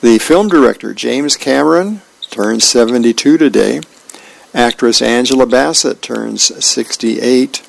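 A man reading a newspaper aloud as a volunteer reader, friendly and unhurried, with small slips he corrects. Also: mid-range voice, gravelly, poor audio.

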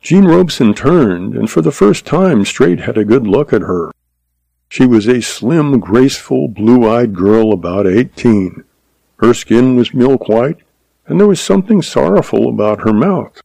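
A man reading a Western story aloud as narrator, in steady, measured storytelling. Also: mid-range voice, creaky, dry recording, low-quality recording. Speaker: audiobook narrator.

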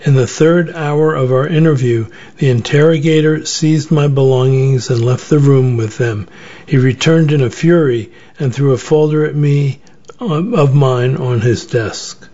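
A man, a journalist, reading his own first-person essay in a measured, reflective way with occasional restarts. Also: medium pitch, mellow. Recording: slightly dull lo-fi recording.

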